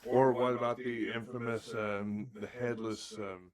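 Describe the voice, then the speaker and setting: A man's voice: mid-range voice, little pitch movement, a little slow, crowd noise. A man co-hosting a casual podcast chat, joking, with many hesitant restarts. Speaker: podcast co-host.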